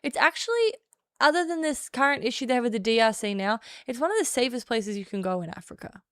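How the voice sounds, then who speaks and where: A woman's voice: a little high, animated, fast talker, fairly bright tone, clean tone, no echo, studio quality. A young woman streaming, chatting casually in a playful, self-mocking way. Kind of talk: casual live-stream chat.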